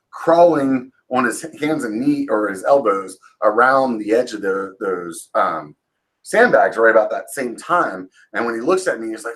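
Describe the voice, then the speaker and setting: A man's voice: mid-range voice, fairly bright tone, low-quality recording. A man in his forties telling a long story casually as a channel host, swearing freely and rambling with fillers and restarts, now and then acting out quotes in a raised voice. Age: 40s.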